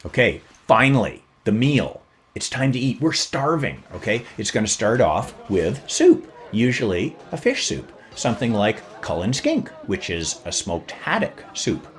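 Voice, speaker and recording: A man hosting a podcast, explaining and retelling in a casual, jokey way, jumping up in pitch for emphasis. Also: wildly swooping pitch, measured pace. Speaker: podcast host.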